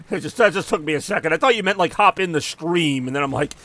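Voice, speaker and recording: A man's voice: on the high side, brisk, bright, forceful tone. Joking male game streamer chatting. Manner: rambling and jokey, answering chat between plays. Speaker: live streamer playing a car soccer game. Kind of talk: casual live-stream chat with viewers.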